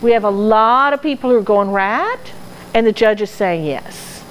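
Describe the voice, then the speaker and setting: A woman's voice: medium pitch, expressive, moderate pace, a little hiss or hum, low-quality recording. A woman answering audience questions in casual talk, earnest and explanatory, now and then laughing at herself. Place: dog training club hall.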